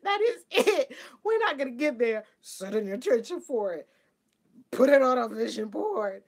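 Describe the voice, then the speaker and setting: A woman hosting a casual spiritual talk for her viewers, animated and playful, laughing often and mimicking people. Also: fairly high pitch, normal speed. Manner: mimics people in a flat, dutiful voice. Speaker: spiritual livestream host.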